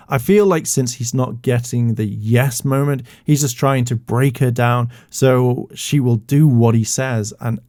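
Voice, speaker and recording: A man's voice: mid-range voice, gravelly, mellow, dry recording. Man, YouTube commentator, heated, swearing a lot, indignant, dry close sound. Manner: blunt, profane and indignant.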